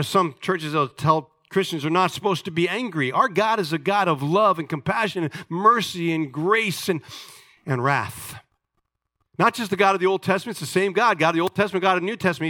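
A man's voice: sits high, sharp tone, no room sound, clean studio sound. A man preaching a sermon as pastor, talking emphatically and calling on the congregation for amens.

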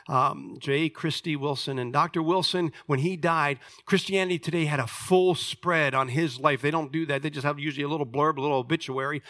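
A man in his sixties, a pastor, preaching a sermon and telling personal stories, moving between loud emphatic reading and quiet confiding asides. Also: fairly high pitch, no room sound, studio quality. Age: 60s.

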